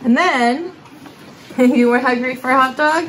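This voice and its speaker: A woman's voice: sits high, a little slow, fairly bright tone, slight background noise, poor audio. A woman hosting a casual thrift-haul vlog, chatty and upbeat, laughing often as she shows her finds. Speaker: thrift vlogger and channel host. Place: thrift store, then a barn.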